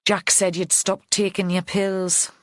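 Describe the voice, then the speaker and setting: A woman's voice: medium pitch, flat delivery, measured pace, no echo, close to an everyday voice. A woman reading an audiobook, voicing a blunt, plain-spoken middle-aged woman detective. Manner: plain-spoken, dry, homely. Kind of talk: audiobook character voice.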